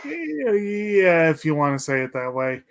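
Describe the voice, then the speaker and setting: Slow, higher-voiced man, hedging. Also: sing-song. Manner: hedging, repeats words. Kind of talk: casual film discussion.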